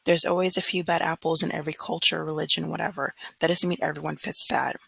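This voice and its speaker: A woman's voice: low-pitched, steady tone, quick pace, gravelly, fairly bright tone, breathy edge, no echo, low-quality recording. A woman in her thirties from California, talking earnestly and frankly in a casual vlog monologue, often mimicking others in mocking quotes. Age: 30s. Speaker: vlogger.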